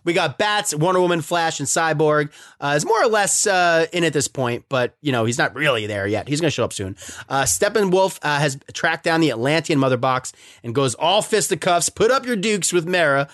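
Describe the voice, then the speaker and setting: A man's voice: on the high side, lively intonation, brisk, a bit bright, dry recording, studio quality. A man hosting a casual movie commentary, recapping scenes with frequent laughs. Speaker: podcast host.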